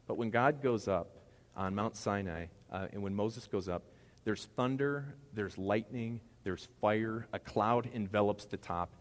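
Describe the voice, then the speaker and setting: A man's voice: lowish voice, a little slow. A man preaching a casual sermon, joking and asking the congregation questions. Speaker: pastor. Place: church sanctuary. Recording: long church reverb.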